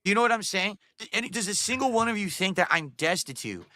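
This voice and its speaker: A man's voice: high-pitched, expressive, quick pace, pushed and bright, no room sound. A man talking casually as an interview guest in a defensive, dismissive way.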